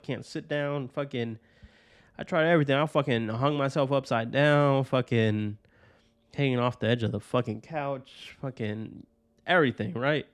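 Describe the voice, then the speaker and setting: This podcast host, a man from Georgia, drifts through a loose personal monologue full of profanity, checking in with "right?" every few lines. His mid-pitched voice sounds close and dry, and there's no room sound around it.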